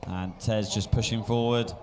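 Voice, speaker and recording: A man giving live blow-by-blow boxing commentary with brisk play-by-play calls that lift at big moments. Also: lowish voice, fairly even intonation, noisy background. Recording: commentary over loud music.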